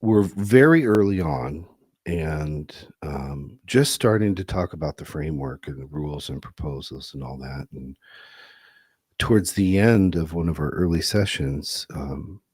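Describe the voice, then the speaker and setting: A man who hosts a podcast and works as a couples therapist, telling a case story in a conversational, animated way. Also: very deep voice, unhurried, breathy edge, no echo, clean studio sound. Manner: animated, laughing easily.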